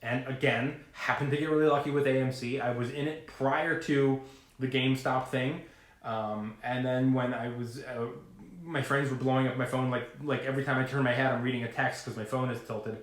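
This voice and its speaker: A man vlogging to camera about trading, talking in a rambling, animated way full of fillers and asides. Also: mid-range voice, moderate pace, roomy sound. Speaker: finance vlogger. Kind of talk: casual talking-to-camera rant.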